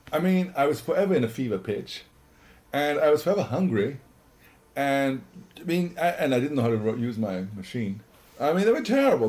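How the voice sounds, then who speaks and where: Exuberant middle-aged man with a mellow voice. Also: medium pitch. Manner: exuberant, rambling storyteller. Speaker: interviewee. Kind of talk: casual reminiscing interview.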